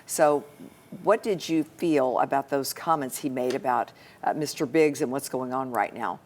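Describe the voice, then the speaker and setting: A woman's voice: very deep voice, moderate pace, a little mellow. A woman news anchor hosting a political panel, prompting her guests with conversational questions.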